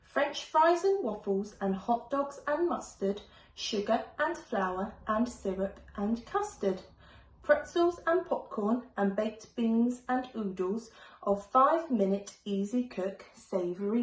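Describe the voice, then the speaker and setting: A woman teacher reading a rhyming picture book aloud in a slow, expressive way. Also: fairly high pitch, echoey room, a little hiss or hum, low-quality recording. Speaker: primary school teacher.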